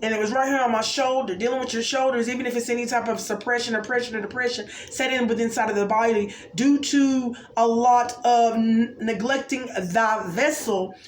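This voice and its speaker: A woman's voice: fairly high pitch, steady tone, brisk, hardly any pauses. A woman giving an intuitive oracle card reading to viewers, musing aloud and often asking "okay?". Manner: musing, exclamatory, keeps checking in with "okay?". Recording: roomy echo, faint background noise.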